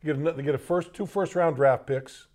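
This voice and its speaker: A man hosting a sports talk show in a loose, halting way, with many fillers and restarts. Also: a little high, a little mellow. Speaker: host.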